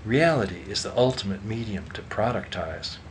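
A man voicing a smug businessman who talks in a low, clipped, dismissive way. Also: expressive, moderate pace, slight background noise, close to an everyday voice.

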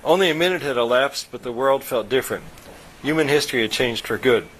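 Brief: male audiobook narrator, steady and even, faint background noise. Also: mid-range voice, fairly quick, low-quality recording. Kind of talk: science-fiction story reading.

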